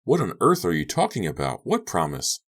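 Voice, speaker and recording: A man voicing a panicked teenage boy tied to a chair in an audiobook, shouting and pleading. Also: sits low, huge pitch swings, brisk, full character voice. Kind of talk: audiobook character voice.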